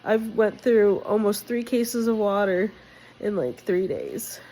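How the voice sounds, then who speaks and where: A woman's voice: medium pitch, animated, slow, mellow, poor audio. A young woman vlogging casually about her life, candid and direct, emotional and sick with a cold. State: sick, congested. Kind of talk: casual personal vlog.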